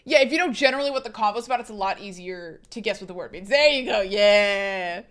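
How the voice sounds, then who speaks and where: Young female streamer, casual rambling chat, mid pitch. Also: animated, very fast, fairly bright tone. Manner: chatty, reads chat aloud, rambling restarts.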